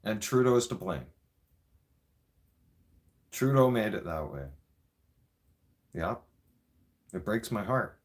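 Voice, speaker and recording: A man's voice: lowish voice, lively intonation, slow pace, pauses often. Angry, swearing Canadian man ranting. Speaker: vlogger. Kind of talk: political rant vlog.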